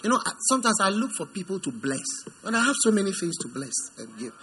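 A man preaching with a high, very lively voice that leaps up into mocking put-on voices and drops low and quiet. His tone is bright and ringing. He acts out each figure in the story, with a faint room hum behind him. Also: fast. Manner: animated, swings from high mocking voices to low intimate tones. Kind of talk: sermon.

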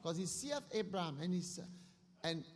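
A man preaching a sermon, telling a story with lively acting and a husky voice. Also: sits high, moderate pace. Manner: animated storytelling, acting out characters. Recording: long reverb of a hall.

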